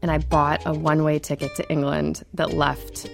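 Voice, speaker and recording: A woman telling a personal story in a radio interview, chatty and animated, with many fillers and frequent laughs. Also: sits low, normal speed, creaky, music in the background.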